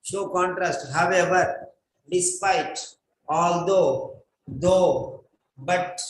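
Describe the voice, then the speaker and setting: Slow high-voiced man teaching in an echoey room. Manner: repetitive, drilling instructions. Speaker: English writing teacher. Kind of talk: classroom lecture.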